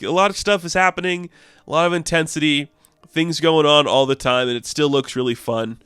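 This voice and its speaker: Excitable male comic reviewer, casual and chatty, resonant voice, dead-dry booth. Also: fairly high pitch, a little fast, clean tone, dry recording. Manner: chatty, filler-heavy, excitable.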